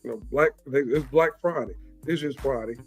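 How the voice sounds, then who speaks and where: A man chatting as a guest, animated and repeating words for emphasis. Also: medium pitch, moderate pace, soft background music. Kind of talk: casual chat.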